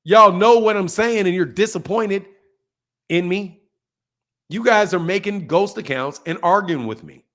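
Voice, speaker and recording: A man hosting a boxing livestream talks in a fairly high voice, profane and confrontational. He ranges between loud outbursts and quieter mutters as he lectures his viewers. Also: a little slow. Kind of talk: heated livestream rant.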